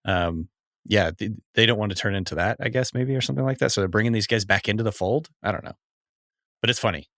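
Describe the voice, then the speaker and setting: A middle-aged man co-hosting a sports podcast in a relaxed, rambling way. His voice is bright and clear. The recording is dry and close. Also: on the low side, fast talker, dry recording. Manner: laid-back, laughs often, trails off. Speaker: podcast co-host. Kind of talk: casual sports chat.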